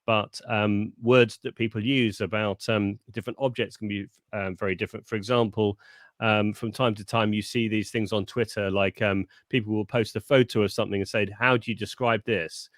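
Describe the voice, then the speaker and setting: A man from the south of England with a southern English accent, a guest on a live video call, speaking in a measured, polite way with many ums. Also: fairly low pitch, fairly even intonation, a bit bright, no echo, clean studio sound. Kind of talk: conversational interview.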